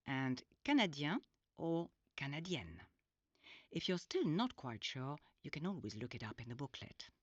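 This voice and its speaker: A woman narrates a scripted language lesson, explaining each step patiently and clearly. Her voice sits low, but her pitch moves a lot. The sound is dry and dull, like an older lo-fi recording. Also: very animated, moderate pace, dry recording. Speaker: language teacher. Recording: dull lo-fi audio.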